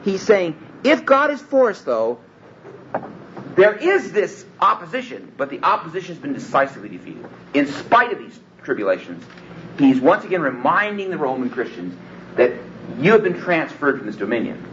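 Emphatic, lively-voiced man teaching scripture. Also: a little high, moderate pace. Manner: emphatic, hesitant with many restarts. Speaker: Bible teacher. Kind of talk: expository Bible lecture. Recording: dull lo-fi recording with faint room hum.

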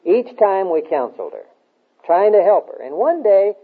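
Male preacher, earnest exhorting sermon, husky voice, phone-line audio. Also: sits high, big pitch swings, normal speed. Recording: tinny phone-like sound.

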